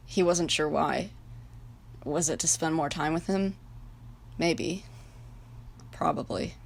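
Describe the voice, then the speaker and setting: A woman narrating a fan-made story in a calm, even reading voice. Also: sits low, creaky. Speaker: reader of her own fan fiction.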